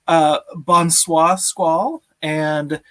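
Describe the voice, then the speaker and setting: A man's voice: fairly high pitch, little pitch movement, extremely slow, sharp tone. A man hosting a live stream, upbeat, greeting viewers by name and laughing often. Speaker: stream host. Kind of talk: casual live-stream chat.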